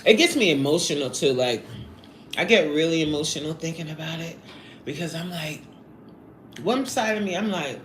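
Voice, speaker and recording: Expressive and low-pitched, a woman in her forties streams live at normal speed, leaving long pauses while she eats and reads out the chat in a playful, casual way. The sound carries a roomy echo with a faint hiss.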